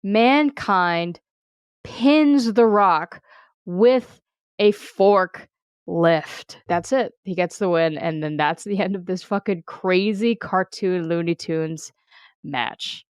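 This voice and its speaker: Smooth-voiced podcast co-host, quick and laughing. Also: medium pitch, no room sound, studio quality. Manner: quick, laughing, profane storytelling. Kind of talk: casual wrestling recap chat.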